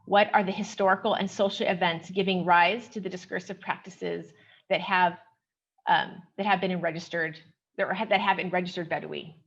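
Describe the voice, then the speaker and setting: A woman researcher giving an academic paper presentation at a conference. She speaks in a measured, explanatory way and often opens her points with "okay". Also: fairly low pitch, fairly even intonation, vocal fry, slightly rough, highs cut off.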